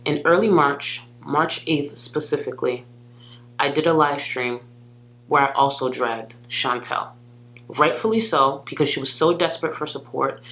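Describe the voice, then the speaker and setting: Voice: medium pitch, fairly bright tone. A commentary youtuber delivering a scripted call-out video, speaking firmly and accusingly and addressing the target directly.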